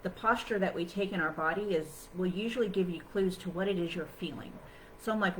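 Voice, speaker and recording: A woman's voice: fairly low pitch, a little fast, a little hiss or hum, low-quality recording. A woman giving a casual self-help lesson to viewers, chatty and loose, full of "you know" and "like". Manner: acts out her own past thoughts in quoted asides. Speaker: spiritual self-help teacher. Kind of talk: casual teaching talk to viewers.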